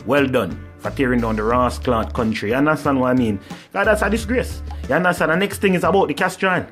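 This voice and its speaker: A Jamaican man rants fast in a mid-pitched voice, and his sarcasm runs all the way through. Faint music plays behind him. He keeps tagging his lines with "you understand". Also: a bit bright. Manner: mocking, repeats "well done". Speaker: vlogger. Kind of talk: sarcastic spoken rant.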